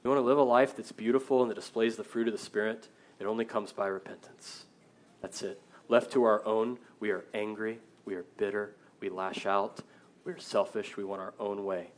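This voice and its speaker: A man in his thirties, a pastor preaching a sermon, earnest, moving between loud emphasis and quiet, reflective passages. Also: lowish voice, flat delivery, normal speed.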